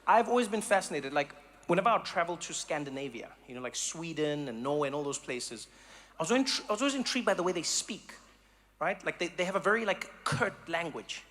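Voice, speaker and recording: A man from South Africa doing animated stand-up comedy, slipping into mock voices. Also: fairly high pitch, quick pace.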